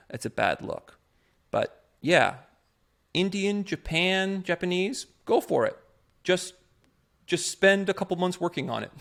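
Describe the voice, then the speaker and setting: A man's voice: a little high, vocal fry, fairly bright tone. A man co-hosting a podcast about improv, talking through an opinion in a casual, emphatic way and restarting his sentences as he thinks. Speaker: podcast co-host, improv performer.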